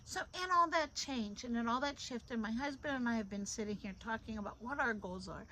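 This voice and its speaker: A middle-aged woman with a high voice talks informally through a devotional, recorded on a phone. She is lively and repeats phrases for emphasis. A faint hiss sits under her voice. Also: a little fast, low-quality recording. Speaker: devotional host.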